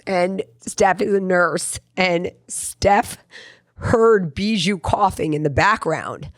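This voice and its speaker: A woman hosting a podcast speaks in a noticeably low voice. She tells a personal story in an earnest, rambling way, circling back and restarting as she goes. The sound is dry and close. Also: slow, no echo. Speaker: podcast host. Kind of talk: casual podcast chat.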